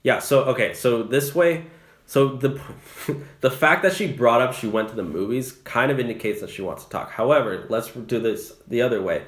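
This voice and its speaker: A young man, a rideshare driver who hosts his own channel, gives casual advice about the job in a chatty, loose way, with many fillers and restarts. His voice is mid-range and moderately paced, and the recording is reverberant.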